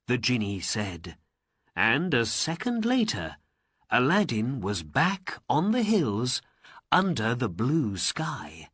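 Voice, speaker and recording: A man narrating a story for learners in slow, deliberate, expressive storybook narration. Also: mid-range voice, breathy edge, dry recording.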